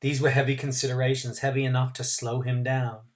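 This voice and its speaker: A man's voice: mid-range voice, little pitch movement, a little fast. Male teacher, reads a novel aloud to students, stops for asides and explanations. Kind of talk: reading a novel aloud to a class.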